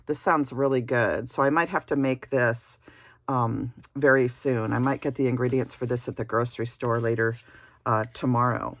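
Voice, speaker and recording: A woman vlogger chatting casually about new stamps in her craft studio, gushing and pausing with many ums and uhs. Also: rumbling low, a bit bright, no echo. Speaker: card-making vlogger. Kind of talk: casual show-and-tell chat.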